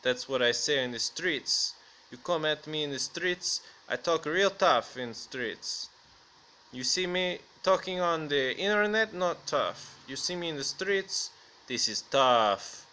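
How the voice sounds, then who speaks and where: A man's voice: a little high, measured pace, bright, forceful tone, slight background noise. A man rambling through crude, absurd jokes and laughing at his own punchlines. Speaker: comedy video host.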